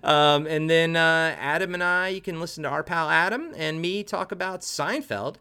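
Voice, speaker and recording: A man's voice: fairly high pitch, moderate pace, sharp tone, smooth. A man co-hosting a podcast in casual chat, joking and laughing often. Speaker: podcast co-host.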